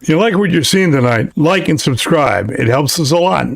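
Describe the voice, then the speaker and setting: A man in a smooth announcer read delivering a short played-back promo. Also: fairly high pitch, animated, moderate pace, crowd noise. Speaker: radio-style promo voice.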